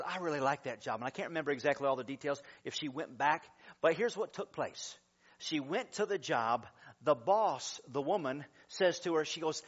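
A man preaching a sermon as pastor, animated, sometimes shouting praise and laughing. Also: a little high, moderate pace, lo-fi sound.

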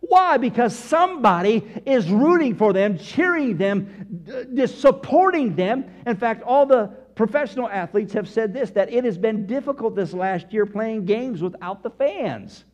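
A male preacher with a high voice that leaps all over the place, delivering a lively sermon to his congregation. He takes his time between phrases, then swings into shouted exclamations and fires rhetorical questions at the room. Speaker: pastor.

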